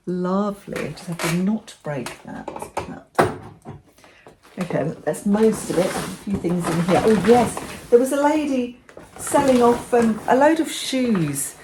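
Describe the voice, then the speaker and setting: A woman's voice: medium pitch, noisy background. Chatty woman showing bargain finds. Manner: chatty and enthusiastic, gushing over finds. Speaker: vlogger. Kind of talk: casual show-and-tell chat.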